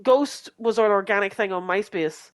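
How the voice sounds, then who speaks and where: A woman's voice: medium pitch, moderate pace. A woman co-hosting a podcast in casual fan chat, rambling with many fillers and restarts and laughing often. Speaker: podcast co-host.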